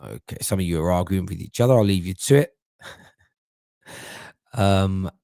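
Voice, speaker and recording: This middle-aged man hosts a casual football fan live stream, reading viewer comments aloud in a chatty way and stumbling over and repeating words as he thinks. His voice is low, dark, and a little slow, with vocal fry. The studio-quality recording has no echo.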